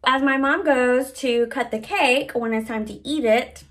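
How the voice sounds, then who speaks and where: A woman's voice: high voice, unhurried, fairly bright tone. A woman vlogger telling a personal story in a slangy, laid-back, self-mocking way. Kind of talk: casual storytelling.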